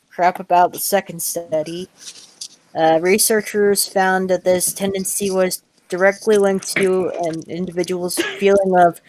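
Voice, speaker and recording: A young woman hosting a casual podcast chat, reading an article aloud in a halting, filler-heavy way with blunt, dismissive remarks. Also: on the low side, a little mellow. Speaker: podcast host.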